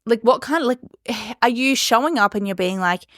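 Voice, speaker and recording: Casting: young woman, solo podcast host, chatty and emphatic, fairly high voice, dry close sound. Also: moderate pace, a bit bright, no echo. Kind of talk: casual solo podcast talk.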